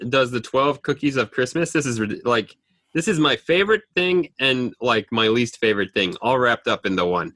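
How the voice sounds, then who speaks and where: A man's voice: mid-range voice, bright, forceful tone, dry recording. A man in his thirties co-hosting a podcast, telling family stories in casual chat and laughing often. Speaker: podcast co-host.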